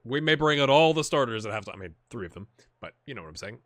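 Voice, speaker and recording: A man hosting a gaming video, chatting and reacting excitedly as he plays a football management game. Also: medium pitch, fast talker, no echo. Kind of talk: live commentary while playing a football management game.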